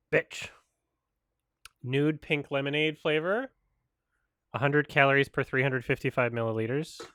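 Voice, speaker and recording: Guy mumbling snarky comments during a watch-along, bright edgy voice, dead dry room. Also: medium pitch, clean tone, no room sound. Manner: dry sarcastic asides, mumbled reactions. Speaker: host reacting to a show.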